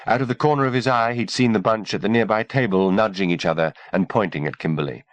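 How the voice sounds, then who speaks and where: A man narrating an audiobook in a steady, measured reading voice. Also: fairly low pitch, no echo.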